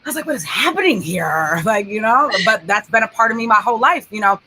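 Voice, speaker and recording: A woman's voice: fairly high pitch, fast, bright, forceful tone, a little hiss or hum. A woman hosting a casual interview, chatty and encouraging with her guest. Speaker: host.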